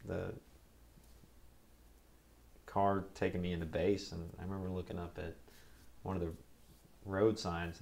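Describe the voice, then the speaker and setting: A young man, a Marine veteran, telling his service stories in an oral history interview in a relaxed, rambling way. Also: sits low, creaky.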